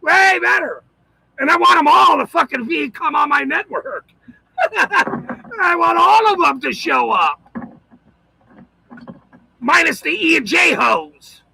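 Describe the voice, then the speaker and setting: High, gravelly man ranting and shouting. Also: lively intonation, takes it slowly, pauses often, low-quality recording. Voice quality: profane, shouting rant. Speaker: citizen auditor channel host. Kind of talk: angry ranting monologue.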